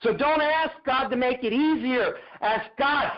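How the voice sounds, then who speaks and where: A man's voice: extremely high pitch, unhurried, muffled recording. A man giving a fervent, preacher-like motivational talk on a group video call, repeating his phrases. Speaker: motivational speaker.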